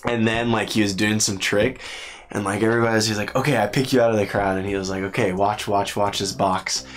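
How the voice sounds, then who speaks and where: A man's voice: on the low side, flat delivery, fast. A young man from Texas telling a funny story in a casual chat, laughing at himself. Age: young adult. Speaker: college football player.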